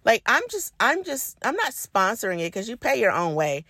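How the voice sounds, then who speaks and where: A woman's voice: a little high, very animated, normal speed, sharp tone, slightly rough, no echo, studio quality. A middle-aged woman hosting a solo podcast, giving blunt, no-nonsense advice in a casual talk. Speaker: podcast host.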